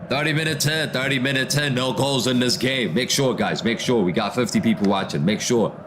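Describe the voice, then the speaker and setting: Speaking a little fast at a medium pitch, a man hosts a football watchalong stream over background noise. He reacts to the match in a relaxed, slangy way, saying "bro," calling out the action, and reading viewer comments aloud before answering them. It's casual live commentary with chat reading.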